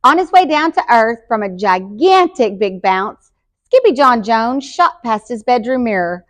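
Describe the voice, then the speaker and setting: A woman's voice: a little high, measured pace. Woman librarian reading a picture book aloud. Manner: lively, expressive read-aloud. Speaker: school librarian.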